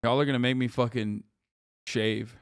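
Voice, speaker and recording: Guy streamer swearing and mocking clips, smooth clean voice, dry room. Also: medium pitch, normal speed, dry recording. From United States. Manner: profane, mocking, animated reactions. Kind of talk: casual live-stream commentary.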